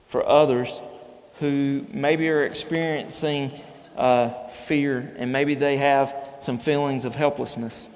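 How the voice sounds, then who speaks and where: A man delivering a sermon in a conversational, storytelling way, his voice sitting in the middle range. The sound carries a long reverb, as if from a large church hall. He moves easily between scripture and homespun anecdotes. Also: medium pitch. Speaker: pastor.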